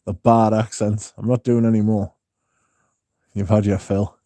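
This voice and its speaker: A man's voice: fairly low pitch, little pitch movement, measured pace, dark tone, no echo, studio quality. Jokey man hosting a livestream. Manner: laughs often, swears, jokey. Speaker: livestream host. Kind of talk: casual chat reading live comments.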